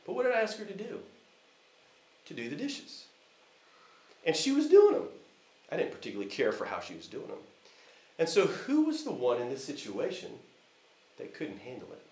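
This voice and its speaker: This man, a visiting preacher from the US, has a fairly high, slightly mellow voice whose pitch swoops wildly; he talks at normal speed but pauses often. His conversational sermon recounts a family story with plenty of fillers and restarts, captured in an echoey church hall.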